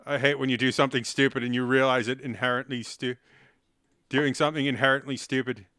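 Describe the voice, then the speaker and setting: A man's voice: mid-range voice, little pitch movement, fast, bright, forceful tone, no echo, clean studio sound. A man chatting on a live stream while playing chess, rambling and self-mocking and cracking silly jokes. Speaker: livestreamer.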